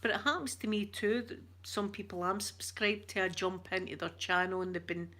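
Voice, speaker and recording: A Scottish woman chatting with her viewers on a live stream, switching between whispers and soft talk. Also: medium pitch, fairly even intonation, moderate pace. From Scotland. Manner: uses Scottish words like wee.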